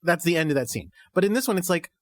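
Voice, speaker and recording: A man's voice: fairly high pitch, lively intonation, fast, dry recording, studio quality. A man co-hosting a casual fan podcast, laughing often and acting out characters' lines as he talks. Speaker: podcast co-host.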